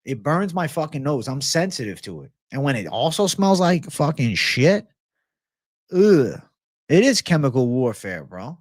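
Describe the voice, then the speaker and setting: A man's voice: mid-range voice, sing-song, moderate pace, few pauses, no echo. Guy ranting and cursing on his livestream, reading chat, dry close sound. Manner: profane, ranting, reads viewer comments. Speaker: livestream host. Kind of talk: casual livestream Q&A.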